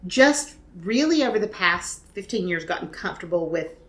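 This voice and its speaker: A woman's voice: fairly low pitch, lively intonation, moderate pace, a bit bright. A woman with a Southern US accent co-hosting a podcast in casual, chatty talk with many restarts. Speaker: podcast co-host. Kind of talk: casual chat.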